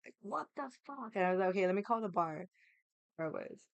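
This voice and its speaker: Young woman telling a crazy story, laughs a lot, swears, does everyone's voices, smooth clear voice, dry close sound. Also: fairly low pitch, fast talker, dry recording, lo-fi sound. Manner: animated, laughing, swears often, acts out quoted voices. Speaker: vlogger. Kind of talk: casual storytelling.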